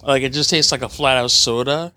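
Dry, bright-voiced podcast host. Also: male voice, medium pitch, fairly even intonation, no echo. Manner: loose and rambling, quick to laugh at himself. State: sleepy, just woke up. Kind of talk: casual podcast chat.

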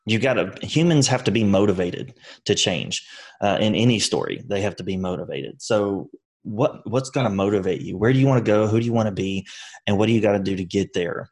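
A man with a fairly low voice, speaking as a podcast guest. He gives earnest motivational advice and often restarts his sentences. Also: brisk, a little mellow. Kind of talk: conversational interview.

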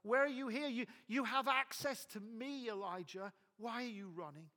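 A man's voice: very high-pitched, moderate pace, pushed and bright, pitched above the performer's own voice. A man voicing God, coaxing and earnest. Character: God, calling gently and persistently.

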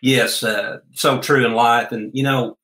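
A folksy man from Oklahoma, talking in a crisp, bright tone. He tells homespun stories with plain earnestness. His voice carries a roomy echo. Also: mid-range voice, fairly even intonation, unhurried. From Oklahoma, USA. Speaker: guest. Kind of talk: storytelling interview chat.

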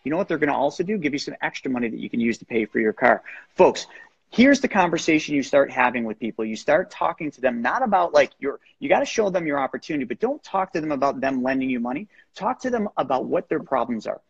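A man giving an energetic, persuasive motivational talk as a guest on a show about lending and real estate deals. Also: fairly high pitch, quick pace, creaky, breathy edge, no room sound. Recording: dull lo-fi sound.

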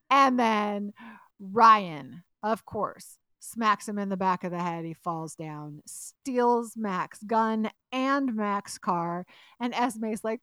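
A woman co-hosting a casual recap podcast, retelling scenes in an animated way and acting out the lines. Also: a little high, slow, no echo. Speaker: podcast co-host.

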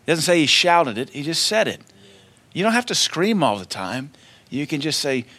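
A man's voice: fairly high pitch, sing-song, moderate pace, sharp tone. A man preaching a sermon to his congregation in a conversational way, acting out short quotes as he goes. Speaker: pastor.

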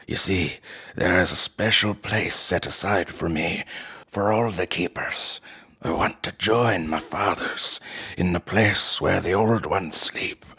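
A weary, solemn old uncle near death, as a male narrator voices him. The voice sits very deep and husky, and every word comes out low, hushed and grave. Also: heavily acted.

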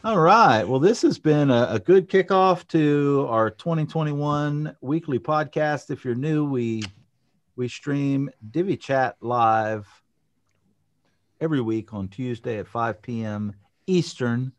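A man co-hosting a live podcast in casual chat, upbeat and quick to laugh. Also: mid-range voice, dull audio. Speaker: podcast co-host.

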